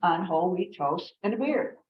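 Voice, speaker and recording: A woman's voice: on the low side, animated, normal speed, a little hiss or hum, lightly acted. A woman telling a joke voices a polite, chatty male duck who works as a plasterer, dry and matter-of-fact. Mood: dry cheerful. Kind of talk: telling a joke at a club meeting. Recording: echoey room, dull sound.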